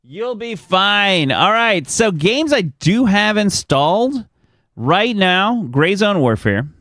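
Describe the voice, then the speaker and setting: A man with a high, sing-song voice talks slowly and a little brightly, recorded dry with clean studio sound. He's streaming live, chatting casually with viewers and telling rambling stories about his family, chuckling often.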